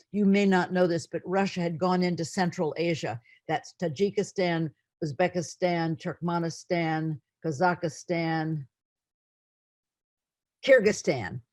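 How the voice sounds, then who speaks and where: A woman's voice: on the low side, a little mellow, no echo. A middle-aged woman teaching an online class in an earnest, emotional way, often repeating words. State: near tears.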